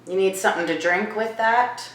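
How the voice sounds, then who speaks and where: A woman vlogging in her home kitchen. She asks a spirit hushed questions and turns to viewers with excited asides. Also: mid-range voice, normal speed, reverberant, slight background noise, low-quality recording. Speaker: vlogger host. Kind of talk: casual paranormal vlog.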